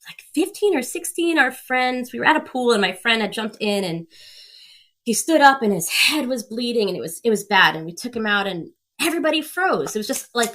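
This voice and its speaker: A woman's voice: medium pitch, fairly bright tone. A woman in her thirties, a podcast guest telling stories with energy, laughing often and acting out the people she quotes. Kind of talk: casual storytelling.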